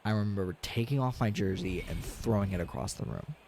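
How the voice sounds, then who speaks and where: A man streaming a game, talking casually and ranting with lots of swearing, dropping to low mutters and rising to loud outbursts. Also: a little fast, slight background noise. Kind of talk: casual gaming stream chat.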